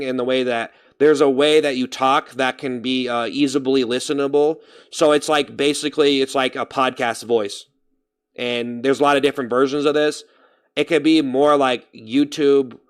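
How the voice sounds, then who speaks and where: Brief: young male streamer, smooth clear voice, middle pitch, loose rambling chat. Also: a bit bright. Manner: rambling, thinks aloud about his own speaking voice. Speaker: live streamer. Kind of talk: casual livestream chat.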